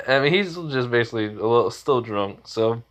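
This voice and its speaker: A man's voice: medium pitch, lively intonation, moderate pace. A man casually retelling a fan story, rambling with lots of "like" and "uh". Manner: rambling, filler-heavy.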